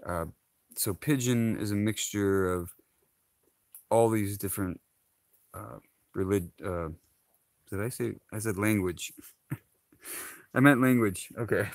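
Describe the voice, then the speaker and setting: Slow, low-voiced man rambling casually. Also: creaky, dry recording. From Hawaii. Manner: laughs often, rambling with many fillers. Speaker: vlogger. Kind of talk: casual chat to camera.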